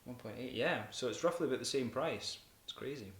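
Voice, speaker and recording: A man's voice: medium pitch, fairly quick. Joking man with an echoey mic. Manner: joking, rambling, with frequent laughter. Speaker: beer review host. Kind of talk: casual chat. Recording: roomy echo with faint hiss.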